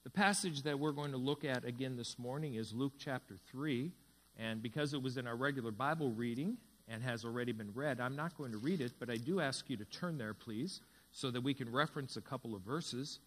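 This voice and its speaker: A man's voice: medium pitch, a little fast, slight background noise. A man preaching a sermon as pastor, telling a story and acting out its dialogue. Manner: tells a story, reading dialogue with lively voices. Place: church sanctuary.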